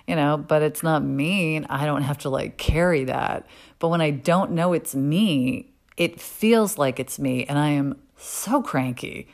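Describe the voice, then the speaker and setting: A woman with a low-pitched voice talking in a candid personal monologue. She is middle-aged and blunt, swearing without hesitation, and circles back with plenty of ums and restarts. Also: a little fast, creaky. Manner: frank and profane, with many fillers and restarts. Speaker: podcast host.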